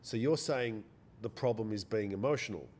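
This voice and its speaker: A man's voice: lowish voice, moderate pace, darkish tone. A man hosting a live trading stream, chatting casually, repeating phrases and answering viewers by name. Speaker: day trading livestream host.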